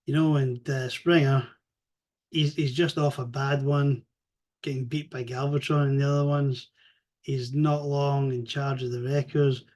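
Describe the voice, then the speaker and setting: A man recapping a comic story in a rambling, animated way, swearing freely and acting out the characters' lines. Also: medium pitch, measured pace. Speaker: comics reviewer.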